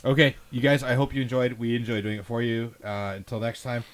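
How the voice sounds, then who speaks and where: A man's voice: level tone, brisk. Rambling, joking male podcast host. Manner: rambling, joking, trails off into low mumbles. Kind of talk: casual chat.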